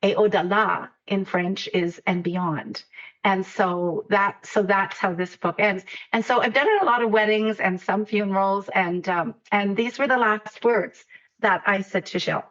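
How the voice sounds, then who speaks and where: A woman author telling a personal story in a halting, repeating way with frequent laughs, then reading her own poem aloud, heard over a video call. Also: medium pitch, muffled recording. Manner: warm, halting, laughs often, repeats words. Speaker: poet and author guest.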